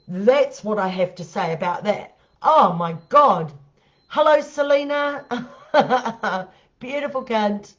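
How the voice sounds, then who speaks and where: A woman's voice: a little high, dull audio. A woman telling a crude story on a live stream, bluntly and with lots of swearing, often laughing at herself. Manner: blunt and heavily profane.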